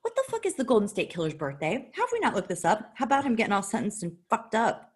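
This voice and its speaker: A woman co-hosting a casual talk show, chatty and giggly, swearing freely and jumping into bursts of excitement. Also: medium pitch, fast, breathy edge. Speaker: podcast co-host. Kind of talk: casual chat.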